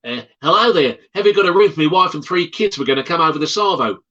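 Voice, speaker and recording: A man's voice: fairly high pitch, lively intonation, fast talker, bright, forceful tone, muffled recording. A man putting on a rattled Australian bloke. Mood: chatty. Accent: put-on Australian. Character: rattled Australian male tourist, blunt.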